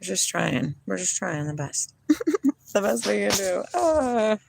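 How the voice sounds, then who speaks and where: Her voice is mid-range, very animated, a little slow, and marked by vocal fry, with background noise around it. She's a middle-aged livestream host from Washington state, USA, rambling playfully with viewers outdoors by a river and drifting between chat and singing.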